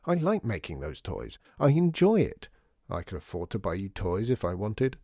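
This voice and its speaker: A man's voice: low voice, big pitch swings, normal speed, gravelly, mellow, no echo, heavily acted. A man reading a storybook voices a dry, sardonic father who mutters wry remarks.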